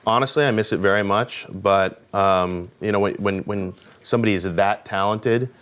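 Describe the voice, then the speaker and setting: Casting note: interview guest, man, low and smooth voice, earnest and thoughtful. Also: moderate pace, fairly bright tone. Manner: earnest and reflective, with restarts. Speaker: guest record executive. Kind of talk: interview answers.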